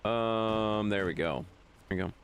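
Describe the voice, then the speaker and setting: A man's voice: fairly low pitch, a little slow, clear, resonant tone. A young man, a game streamer casually chatting with his viewers from home and answering the chat as he plays. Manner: reads chat aloud and answers it, joking and repeating himself. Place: home room with a green screen.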